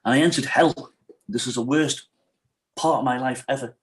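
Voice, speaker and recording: A man's voice: medium pitch, moderate pace. A middle-aged man, a podcast guest telling his own hard story frankly and with feeling, often checking in with "you know what I mean?". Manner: frank and emotional, retells what others said to him. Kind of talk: candid personal storytelling in an interview.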